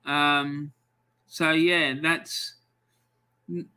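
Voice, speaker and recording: Casual male stream host, unhurried delivery with ums, bright tone. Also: a little high, level tone, clean tone. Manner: chatty, reads out fixtures with frequent ums. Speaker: live football score stream host. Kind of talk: casual live-stream commentary.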